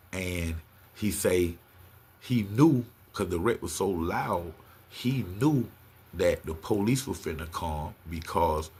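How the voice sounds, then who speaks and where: A middle-aged man telling a story in casual talk, acting out the quoted lines in a raised voice. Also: breathy edge. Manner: animated, acts out quotes in a higher voice.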